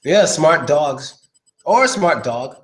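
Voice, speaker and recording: A man's voice: a little high, lively intonation, slow pace, reverberant. A man teaching English in a casual live lesson, joking and thinking aloud as he goes.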